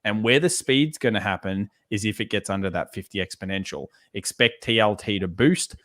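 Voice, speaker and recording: Guy with a lowish voice going over stock charts on a live stream, chill, says stuff twice. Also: a little fast. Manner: relaxed, repeats words for emphasis. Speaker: co-host of trading show. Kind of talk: live market analysis chat.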